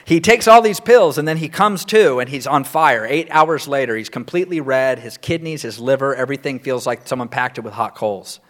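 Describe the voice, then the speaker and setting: A man sharing his recovery story as a sponsor, telling it candidly, acting out quotes and laughing through dark moments. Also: mid-range voice, a little fast, few pauses.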